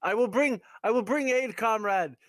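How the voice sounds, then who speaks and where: A man's voice: normal speed, fairly bright tone, no room sound. A man voicing a fervent, freedom-preaching rebel ally, giving a rousing speech in a raised voice. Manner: rousing, high-pitched speechifying.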